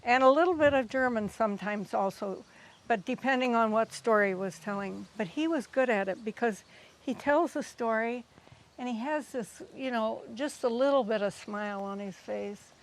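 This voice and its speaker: A woman's voice: fairly high pitch, normal speed. An older woman reminiscing fondly in an interview, telling a story with amusement. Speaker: interviewee, sister of a famous astronaut.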